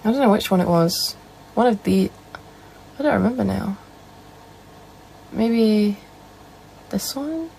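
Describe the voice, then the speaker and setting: Chatty Northern English woman, gravelly. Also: mid-range voice, slow pace, long pauses, slight background noise, low-quality recording. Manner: reads out and answers viewer comments in a relaxed, chatty way. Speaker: livestreamer. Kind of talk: casual live-stream chat.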